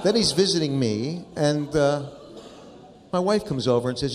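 A man's voice: fairly high pitch, sing-song, normal speed. A man doing stand-up, telling a family story in a wry, exasperated way. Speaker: stand-up comedian. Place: comedy club stage. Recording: live stage recording with reverb and background noise.

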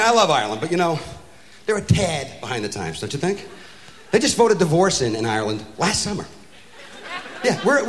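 A brash male stand-up comedian hammers home crude punchlines, his voice rising and falling in a lively way. Clear background noise runs under the live recording. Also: high-pitched.

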